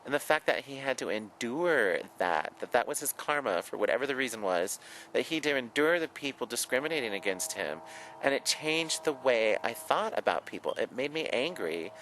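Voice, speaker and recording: A man's voice: mid-range voice, sing-song, moderate pace, fairly bright tone, slight background noise, poor audio. A hairdresser reminiscing frankly as he shows old photos and papers, a chatty, outspoken man who swears freely and talks flamboyantly. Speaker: hairdresser and vlogger. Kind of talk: candid personal reminiscing.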